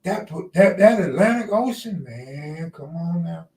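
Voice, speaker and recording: A man hosts a casual live stream, trading loose, joking banter with his chat. His voice sits slightly high. He is heard from a distance with a roomy echo. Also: lively intonation, a little slow, darkish tone. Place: outdoors near the ocean.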